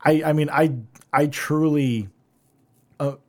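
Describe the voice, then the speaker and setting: A man in his thirties chatting casually, animated, swearing freely and laughing through his stories. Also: on the high side, slow pace. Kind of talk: casual chat.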